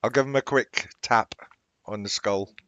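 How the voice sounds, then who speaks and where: A man playing in a tabletop game, easygoing and quick to laugh. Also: on the low side, fairly bright tone, dry recording. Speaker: player. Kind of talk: casual tabletop play. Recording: dry, dull lo-fi sound.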